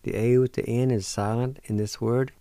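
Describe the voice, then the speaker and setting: A man hosting a radio language lesson who patiently spells words out letter by letter and sounds out each syllable, gently encouraging learners not to give up. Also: mid-range voice, steady tone, moderate pace, smooth, no echo. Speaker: radio host teaching language.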